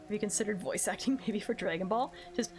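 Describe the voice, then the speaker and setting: A woman live-streaming a game, counting her jumps out loud, yelping when she falls and joking with her chat. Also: medium pitch, quick pace. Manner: counts aloud while playing, yelps at failures; self-mocking, playful chatter with chat. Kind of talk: live gameplay commentary. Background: background music.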